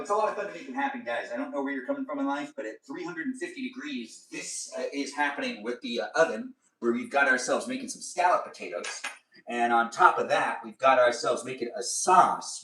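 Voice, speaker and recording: Male live streamer, fast nonstop chatter while cooking, bright tone, roomy kitchen sound from a distance. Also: medium pitch, lively intonation. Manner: fast, endless chatter addressing viewers. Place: home kitchen.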